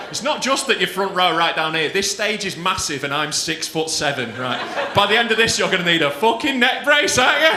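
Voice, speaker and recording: A brash comedian teasing the front row, his high voice leaping around with bursts of swearing. It is recorded on a comedy club stage, and the room rings with crowd laughter. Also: bright, forceful tone, echoey room. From England. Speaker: stand-up comedian. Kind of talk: crowd work stand-up.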